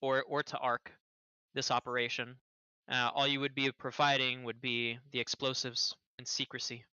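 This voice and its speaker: A man's voice: medium pitch, little pitch movement, normal speed, pushed and bright, smooth, no echo. A man voicing a blunt, practical male adventurer, matter-of-fact, on a dull, dry mic.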